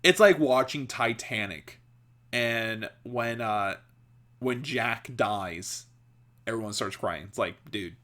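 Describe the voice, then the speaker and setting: A man's voice: mid-range voice, slow pace, a bit bright. A man hosting a podcast, telling a story in a casual, rambling way, with frequent laughter, restarts and filler words. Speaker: podcast host.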